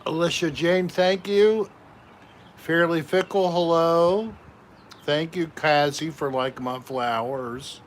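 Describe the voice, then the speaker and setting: A man's voice: on the high side, takes it slowly, a little hiss or hum. A man hosting a casual live stream from home, chatting with viewers and reading out their names one by one. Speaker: livestream host.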